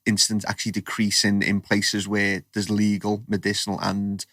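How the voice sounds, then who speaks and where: A man's voice: lowish voice, monotone, normal speed, bright, forceful tone, no echo, studio quality. A man hosting a podcast interview, chatty and rambling, often restarting his sentences. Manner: chatty, rambling, self-correcting. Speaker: podcast host. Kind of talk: casual interview chat.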